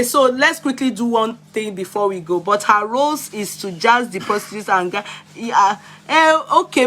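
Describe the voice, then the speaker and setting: Nigerian woman, Yoruba-tinged accent, a touch high-pitched; blunt, emphatic live-stream host. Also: fairly bright tone. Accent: Nigerian, Yoruba-inflected. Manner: blunt, emphatic, answers viewers' comments directly. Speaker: vlogger reviewing films. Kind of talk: casual live-stream chat.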